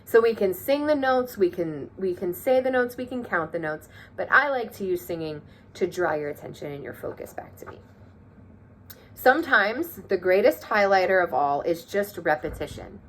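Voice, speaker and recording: A woman's voice: mid-range voice, animated, normal speed, fairly bright tone, a little hiss or hum. A woman teaching a music lesson to children, encouraging them and counting rhythms aloud.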